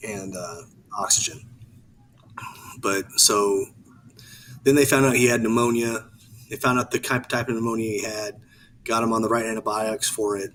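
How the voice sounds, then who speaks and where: A man co-hosting a podcast, rambling in casual chat with many halting restarts. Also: fairly low pitch, steady tone, a bit bright, slight background noise, low-quality recording. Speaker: podcast co-host.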